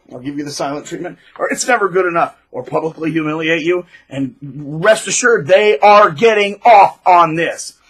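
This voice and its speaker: A man talks straight through a rambling commentary, dropping sarcastic asides. His voice is husky and sits a little high for a man. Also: fairly bright tone, rough recording. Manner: rambling, sarcastic, with many fillers and restarts. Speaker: channel host. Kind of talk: ranting monologue commentary.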